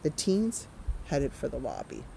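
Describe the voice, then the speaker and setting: A woman's voice: a bass voice, unhurried, vocal fry, a little hiss or hum, poor audio. A woman from Canada, an author reading her picture book aloud with chatty asides to children. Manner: animated, chatty asides to young listeners. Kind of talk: children's storytime read-aloud.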